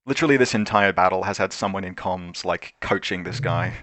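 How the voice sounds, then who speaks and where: A man's voice: sits low, fairly quick, a bit bright, a little hiss or hum. A man playing a tabletop wargame over a call, thinking aloud through his moves and often correcting himself. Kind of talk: casual game commentary. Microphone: remote call.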